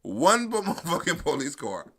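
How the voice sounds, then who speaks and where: A man's voice: a little high, huge pitch swings, normal speed, bright, forceful tone, husky. A middle-aged man from New York giving profane, mocking live-stream commentary on news clips, laughing and swearing constantly.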